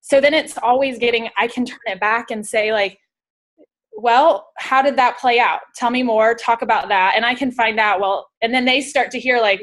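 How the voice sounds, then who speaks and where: A woman's voice: on the high side, moderate pace, a bit bright. A woman health coach and former trainer giving a thoughtful, casual explanation.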